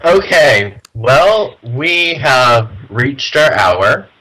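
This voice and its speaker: A man's voice: mid-range voice, sing-song, very slow, sharp tone, low-quality recording. A man hosting an online radio show, chatting casually and often backing others with short "uh-huh"s. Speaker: host. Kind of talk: casual podcast chat.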